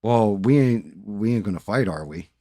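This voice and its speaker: A man voicing an evasive, sheepish male store manager who backpedals in a higher, whiny tone. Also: lively intonation, moderate pace, dark tone, no room sound, clean studio sound. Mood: defensive.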